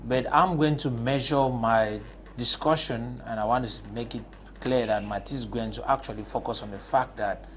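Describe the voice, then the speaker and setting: A man's voice: mid-range voice, steady tone, moderate pace, a bit bright, a little hiss or hum. A man from Cameroon, speaking as a panelist on a TV discussion and pressing his case with rhetorical questions. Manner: emphatic, argues with rhetorical questions. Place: TV studio.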